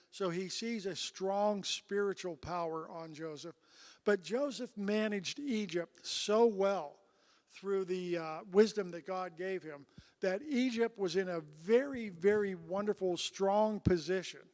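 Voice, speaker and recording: A man teaching a Bible study in a casual, conversational way, reading scripture aloud and often clearing his throat. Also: sits high, long reverb tail. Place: church sanctuary.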